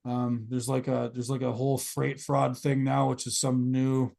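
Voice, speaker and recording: A man's voice: medium pitch, completely flat delivery, normal speed, gravelly, warm tone. A man hosting a podcast, talking casually in long, rambling runs full of fillers and restarts. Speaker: podcast host.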